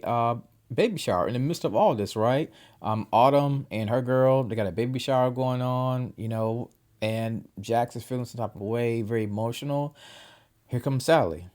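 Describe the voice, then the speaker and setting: A man giving a casual, slangy, chatty recap of a TV episode as the host of his own review channel. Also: mid-range voice. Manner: slangy, chatty, animated retelling. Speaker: TV show reviewer.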